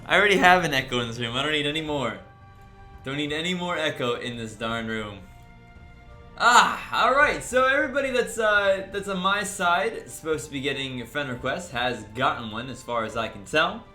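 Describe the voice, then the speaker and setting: Greeting viewer after viewer by name, a man runs a laid-back, cheerful livestream from an echoey room, faint music in the background. He sounds a little high, expressive and bright, with a forceful tone at a normal pace.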